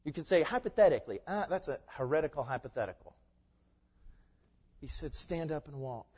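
A man preaching a sermon in a voice a little higher than most men's. He drops into quiet, chatty asides, then builds to loud, forceful declarations. The sound is somewhat muffled, with a long reverb tail trailing off in a large sanctuary. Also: animated, brisk, breathy edge. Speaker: pastor.

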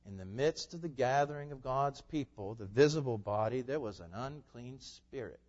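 A man preaching a sermon to a congregation, swinging from loud, emphatic peaks to quiet, low asides. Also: lively intonation, normal speed. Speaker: pastor. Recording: muffled sound in a reverberant hall.

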